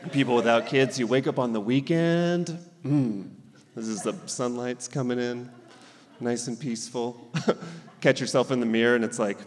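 A man's voice: medium pitch, normal speed, long reverb tail. Man in his thirties doing stand-up. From Southern California. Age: 30s. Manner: animated, acts out friends in put-on voices. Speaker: stand-up comedian and guest. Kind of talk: stand-up comedy then casual interview. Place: stage in a hall with a live audience.

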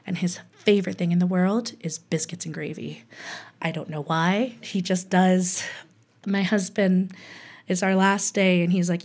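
A woman from Hawaii tells a personal story with a lower-pitched voice. She is candid and humorous, laughing easily between lines as she recounts it. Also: fairly even intonation, a little slow, a little mellow.

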